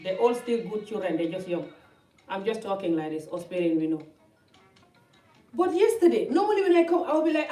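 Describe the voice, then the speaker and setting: A woman's voice: medium pitch, very animated, brisk, pauses often, mellow. A middle-aged woman vlogging from her living room, chatting casually to camera in a rambling, loose way. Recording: roomy, distant, faint music behind.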